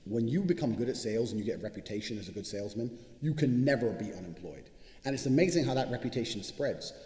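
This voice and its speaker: In an echoey space with a long reverb, a course instructor riffs through a motivational talk without a script, cursing frequently and telling boastful stories at a quick clip. He has a warm, medium-pitched voice with lively intonation.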